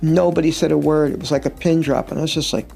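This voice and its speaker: A gravelly, somewhat high-voiced middle-aged man talks casually about life as a touring guitarist. He rambles through anecdotes with wry humor, and faint music plays behind him. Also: fairly even intonation, fast talker, mellow. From United States. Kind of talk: casual interview chat.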